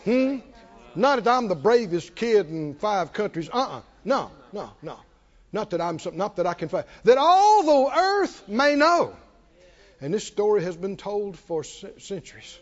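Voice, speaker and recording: A man preaching a sermon in an animated, conversational way with chuckling asides. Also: high voice, moderate pace. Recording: dull audio in a large reverberant hall.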